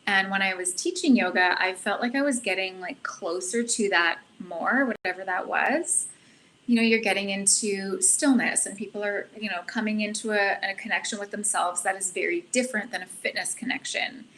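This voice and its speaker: A woman guest telling a personal story in an earnest, animated, self-reflective way. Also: medium pitch, normal speed, slight background noise, low-quality recording. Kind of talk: casual storytelling.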